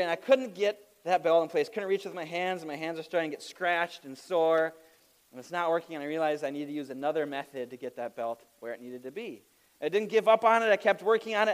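A man preaching a sermon, opening with a funny personal story and laughing at himself as he goes. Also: sits high. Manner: animated storytelling with self-deprecating laughs. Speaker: pastor.

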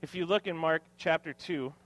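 A man's voice: fairly high pitch, moderate pace, fairly bright tone. A man in his thirties preaching a sermon to his congregation, mixing scripture with joking, self-deprecating family stories. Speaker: pastor. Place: church hall with congregation.

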